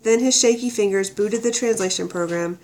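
A woman reading a thriller excerpt aloud in a steady, even storytelling manner. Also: mid-range voice, moderate pace, background noise. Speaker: narrator. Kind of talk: audiobook narration.

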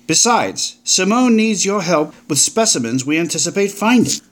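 A man's voice: high-pitched, expressive, moderate pace. A man voicing a jaunty British paleontologist. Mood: breezy. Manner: jaunty, breezy, old-fashioned turns of phrase. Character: upbeat British male paleontologist, forty, brash. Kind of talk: audiobook character voice.

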